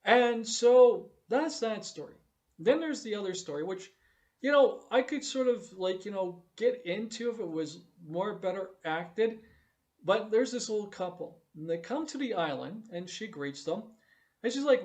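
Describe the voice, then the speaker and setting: A man's voice: high voice, expressive, a little slow, a little mellow. A man giving a blunt, profane, repetitive review of a TV show during a casual live stream. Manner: blunt, emphatic, profane, repeats himself.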